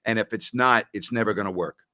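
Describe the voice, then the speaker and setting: A man hosting a casual sports talk show, agreeable and measured as he trades opinions with his co-host. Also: lowish voice, pushed and bright.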